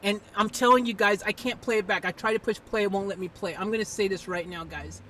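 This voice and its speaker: A woman live streamer talking to her viewers and an AI assistant in an excitable, exasperated way, swinging between shouting and muttering. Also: mid-range voice, fast. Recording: distant mic, faint background noise.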